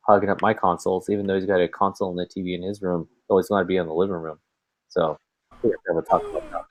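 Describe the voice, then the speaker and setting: A man in his thirties, a podcast co-host chatting casually, who tells animated stories and acts out the voices in his quotes. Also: low-pitched, no echo. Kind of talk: casual chat.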